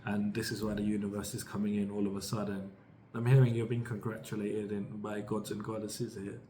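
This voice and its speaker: A British man with a low voice gives a casual tarot reading, rambling and upbeat as he restarts his sentences. His pitch stays fairly flat, and faint noise hums under the recording. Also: fairly quick. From United Kingdom. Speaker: tarot reader.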